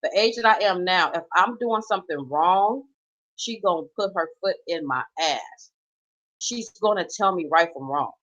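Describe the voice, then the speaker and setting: A woman's voice: fairly low pitch, normal speed, a bit bright. A middle-aged woman, a mother and grandmother, ranting emphatically and unscripted, swearing freely as she talks. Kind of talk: unscripted personal rant. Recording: slightly dull, lo-fi sound.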